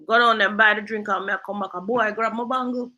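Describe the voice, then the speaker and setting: Woman host, bright tone, chatty storyteller with patois. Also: mid-range voice, fast talker, lo-fi sound. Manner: lively storyteller, drifts into patois. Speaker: real estate agent and host. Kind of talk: casual storytelling chat.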